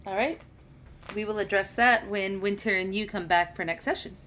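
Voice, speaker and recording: A young woman narrating as game master of a tabletop role-play game, casual and quick to laugh. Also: medium pitch, fairly bright tone, a little hiss or hum. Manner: casual, laughs often, voices characters on the fly.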